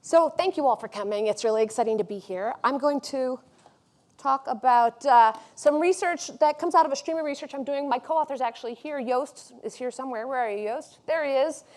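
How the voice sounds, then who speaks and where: A woman's voice: high voice, fairly quick, darkish tone. A woman giving an academic conference talk in an upbeat, conversational way. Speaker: academic speaker.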